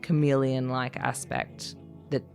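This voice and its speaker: A woman with an Australian accent talks things through casually, pausing on fillers and restarting her thoughts. Her voice sits low and has a gravelly edge. Faint music hums underneath. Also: little pitch movement, darkish tone. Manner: conversational, hesitant, many fillers and restarts, laughs often. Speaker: writer. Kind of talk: reflective casual interview talk. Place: living in Scotland.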